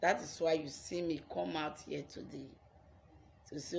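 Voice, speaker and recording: Low, slow-spoken Nigerian woman storyteller. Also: fairly even intonation, vocal fry, a little hiss or hum. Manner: earnest, repeats phrases for emphasis. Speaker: YouTuber telling her life story. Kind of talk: personal storytelling vlog.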